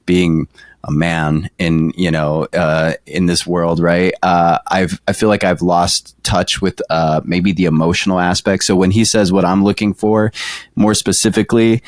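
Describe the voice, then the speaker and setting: A man hosting a podcast interview, speaking in a thoughtful, measured way. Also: low voice, little pitch movement, no room sound, studio quality. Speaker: podcast host. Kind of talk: casual interview chat.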